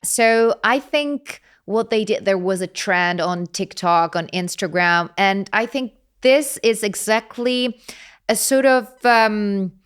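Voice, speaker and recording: A young Italian woman speaking English as a guest in a casual chat, animated and laughing as she explains with examples. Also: medium pitch, slow, smooth. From Italy.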